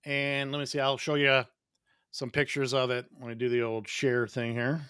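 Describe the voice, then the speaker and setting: A man's voice: medium pitch, little pitch movement, moderate pace, sharp tone, clear, resonant tone, dry recording, studio quality. A man co-hosting a casual real estate chat, easygoing and informative. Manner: easygoing, informative, rambling with restarts. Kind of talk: casual live-stream chat.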